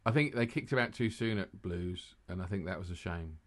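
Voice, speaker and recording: A man's voice: low-pitched, a little fast. A man co-hosting a casual podcast, rambling and laughing at his own jokes as he chats with a friend. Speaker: podcast co-host. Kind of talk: casual chat.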